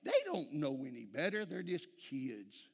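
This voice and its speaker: A man's voice: medium pitch, big pitch swings, a little slow, creaky, big-room sound. A man preaching a sermon in a church, telling folksy stories and calling out "amen?" to the congregation. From Texas. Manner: folksy storytelling, frequent "amen?" calls to the congregation. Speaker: pastor.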